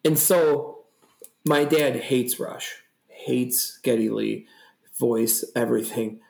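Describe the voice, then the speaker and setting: Gravelly, rambling young man in an echoey room. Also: medium pitch, takes it slowly. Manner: rambling, profane, animated storytelling. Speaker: podcast co-host. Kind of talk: casual chat.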